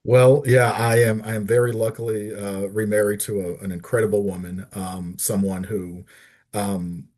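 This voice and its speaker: A middle-aged man, a podcast guest, telling a personal story earnestly and haltingly, often repeating words as he searches for them. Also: on the low side, level tone, darkish tone. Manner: earnest, heartfelt. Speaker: podcast guest, disability advocate.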